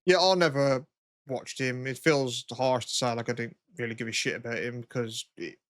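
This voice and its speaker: A man's voice: medium pitch, fairly even intonation, moderate pace, fairly bright tone, dry recording. Young man, podcast co-host, rambling sweary chat, dry close sound. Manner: rambling, sweary, lots of "you know what I mean". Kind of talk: casual chat.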